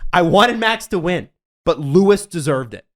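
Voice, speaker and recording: A young man on a sports podcast, talking with a slightly high voice that swings up and down a great deal. He is emphatic, drifts into asides and swears freely. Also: expressive, normal speed. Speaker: podcast co-host. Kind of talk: casual sports chat.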